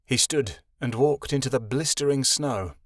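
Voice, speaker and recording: A man narrating a young-adult fantasy audiobook in a steady storytelling manner, giving each character its own voice. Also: mid-range voice, normal speed, no room sound, studio quality. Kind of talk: scripted narration.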